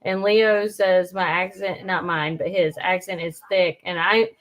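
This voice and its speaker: A woman's voice: lowish voice, steady tone, a little slow. A woman from Alabama with a Southern accent, chatting casually, outspoken and laughing often. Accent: Southern American. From Alabama, USA. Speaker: co-host and shop co-owner. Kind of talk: casual chat.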